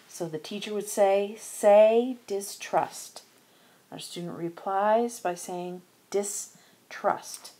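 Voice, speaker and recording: Woman doing a spelling screencast, low voice, real slow and careful, sounds out each letter. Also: slight background noise. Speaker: teacher educator. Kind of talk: instructional screencast narration.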